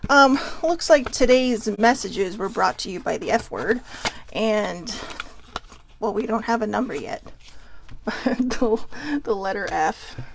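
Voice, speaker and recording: A woman's voice: medium pitch, expressive, slow pace, gravelly, a little hiss or hum, rough recording. A middle-aged woman hosting a casual chat show, reading from card decks as she goes, chatty and laughing, swearing freely. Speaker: host.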